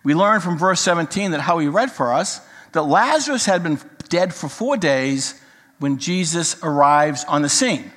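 Speaking at a normal speed in a voice on the high side, an elderly grandfather-pastor delivers a sermon. His jokes and stories lead into Bible teaching with lively quotations, and the sanctuary adds a long hall reverb.

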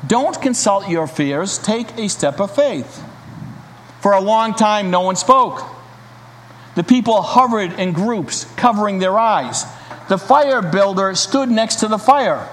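A man's voice: high-pitched, lively intonation, takes it slowly. A man preaching a sermon and reading a story aloud, in an earnest, emphatic manner. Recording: reverberant hall, faint hiss.

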